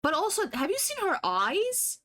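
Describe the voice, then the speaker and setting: A woman's voice: very high voice, wildly swooping pitch, normal speed, a bit bright. A woman streamer talking in a rambling, giggly way, swearing freely and filling her talk with fillers and restarts on a livestream with faulty audio. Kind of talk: casual livestream chat.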